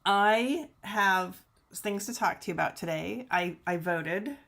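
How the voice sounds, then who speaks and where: A woman's voice: medium pitch, measured pace, gravelly, a bit bright. A woman from Michigan hosting a casual livestream from her laptop, rambling chattily, laughing often and swearing mildly. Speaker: livestream host. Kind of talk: casual chat to a live audience. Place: home room in front of a laptop camera. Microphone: laptop camera mic.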